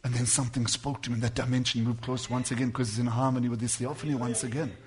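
A man delivers a sermon to his congregation, moving between hushed and loud passages and drawing words out slowly for emphasis. His pitch is medium and stays fairly flat.

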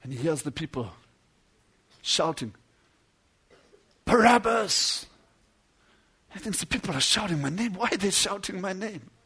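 A man preaching a sermon, telling a story with dramatic swings between loud declamation and hushed low passages, acting out the lines of the people in it. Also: lively intonation, brisk, husky. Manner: acts out quoted dialogue within the story.

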